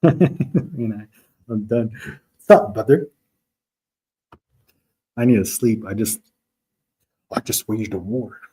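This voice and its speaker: A man's voice: on the low side, animated, slow, pauses often, warm tone, breathy edge. A man hosting a live online religious talk, arguing with viewers in the chat in a mocking tone and breaking into quoted Arabic verses. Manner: argumentative, mocking, talks straight to viewers.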